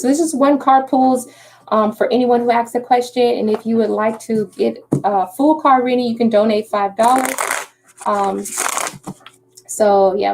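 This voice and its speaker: A woman's voice: on the high side, darkish tone, a little hiss or hum. Chatty woman giving a tarot reading. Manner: chatty, reassuring, says "okay?" often. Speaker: tarot reader. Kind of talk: live-stream tarot reading.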